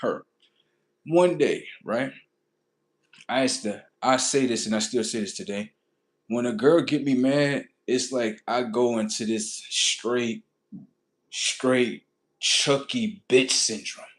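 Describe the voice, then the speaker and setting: A man hosting a livestream, telling crude, comedic stories in an animated, rambling way. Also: mid-range voice, takes it slowly. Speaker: livestream host. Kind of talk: profane comedic storytelling.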